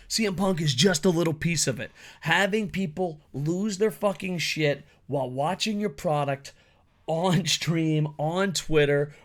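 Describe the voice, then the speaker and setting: A man giving a blunt, profanity-heavy solo opinion rant as a wrestling commentary YouTuber. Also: a little high.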